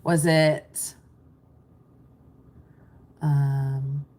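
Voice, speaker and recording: A woman's voice: sits low, little pitch movement, extremely slow, a little mellow. A middle-aged American woman coaching live on a stream, chatty and reassuring as she reads questions and replies to the chat. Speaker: mindset business coach. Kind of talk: livestream coaching talk.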